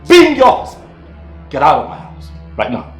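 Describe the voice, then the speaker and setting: A domineering Nigerian husband, commanding and threatening, in an echoey room. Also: male voice, fairly high pitch, huge pitch swings, normal speed. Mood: angry. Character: furious stern husband, middle-aged, domineering. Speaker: angry husband ordering his estranged wife out. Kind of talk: Nollywood film acting. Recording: echoey room with music behind.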